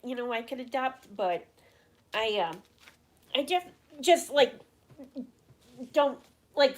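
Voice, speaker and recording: A middle-aged woman hosts a relaxed livestream, reading out viewers' questions and answering them at length. Her voice sits a little on the high side. She rambles through fillers and restarts and speaks openly about her feelings. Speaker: livestream host. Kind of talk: casual livestream chat answering viewer comments.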